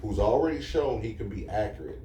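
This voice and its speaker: Mellow low man hosting in an echoey room. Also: fairly quick. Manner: relaxed, hands off to co-hosts. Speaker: podcast host. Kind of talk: casual chat, leading topics. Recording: echoey room, distant mic, faint hiss.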